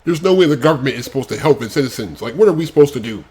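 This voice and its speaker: Man, reaction video host, exasperated, rambling rants, plain mid pitch. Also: very fast, a little mellow. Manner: exasperated rants, many fillers like "like". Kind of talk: casual reaction commentary.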